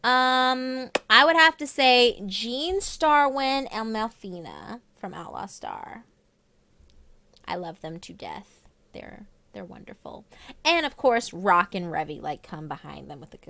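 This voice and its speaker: Bright young woman with a light Southern lilt. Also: mid-range voice, slow, vocal fry, no echo. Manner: chatty, animated fan talk. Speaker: stream host. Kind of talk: casual live-stream chat.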